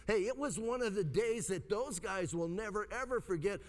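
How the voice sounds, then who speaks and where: Animated male preacher in a reverberant hall. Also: moderate pace. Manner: animated, conversational preaching with dramatic pitch swings. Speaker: pastor. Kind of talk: sermon.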